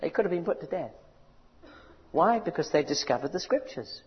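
A man preaching a sermon, building to loud rousing cries and asking his audience questions. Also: a little high, very animated, moderate pace, pauses often. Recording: dull recording in a large reverberant hall.

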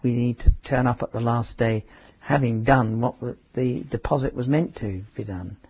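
Very husky male preacher. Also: medium pitch. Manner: halting, with restarts and asides. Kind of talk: conversational Bible teaching. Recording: dull lo-fi sermon recording.

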